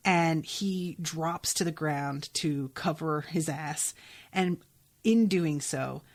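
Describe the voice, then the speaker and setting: A woman podcast host, casually recapping a TV episode, chatty and full of fillers, swearing freely. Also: on the low side.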